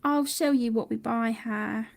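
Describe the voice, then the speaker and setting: A woman's voice: on the high side, a little slow, vocal fry. A woman in her thirties hosting a casual colouring livestream, chatting and reading viewer comments aloud.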